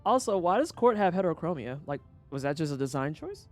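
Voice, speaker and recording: A woman's voice: low voice, big pitch swings, fast talker, a little mellow, soft background music. A woman streaming a game, talking casually and ranting with profanity and quoted voices. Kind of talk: casual livestream commentary.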